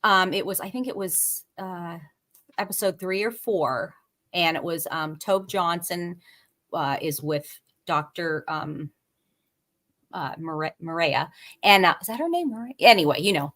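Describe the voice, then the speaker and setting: A woman guest on a podcast, speaking in a fairly low voice. She gropes for words with frequent fillers, repeats herself and restarts sentences. The overall feel is an easygoing, unscripted chat. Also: fairly bright tone. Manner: halting, with many fillers and restarts. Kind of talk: casual conversation.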